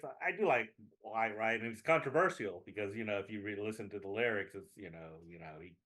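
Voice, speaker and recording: A middle-aged man co-hosting a casual music podcast, talking in an animated, jumpy way and often correcting himself. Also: fairly low pitch, fairly quick, hardly any pauses. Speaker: podcast co-host. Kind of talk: casual chat.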